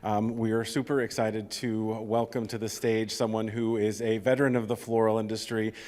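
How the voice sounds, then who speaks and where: A man's voice: on the low side, level tone, normal speed, a little mellow. A man acting as emcee, welcoming the audience with upbeat, enthusiastic remarks and lots of fillers. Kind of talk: stage welcome and introduction. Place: large ballroom stage. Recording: reverberant ballroom sound.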